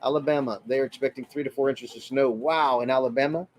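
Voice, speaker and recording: A man's voice: mid-range voice, steady tone, fast, a little hiss or hum. A man hosting a casual livestream from his RV, chatting and greeting viewers by name in a friendly way. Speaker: livestream host. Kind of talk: casual livestream chat reading comments.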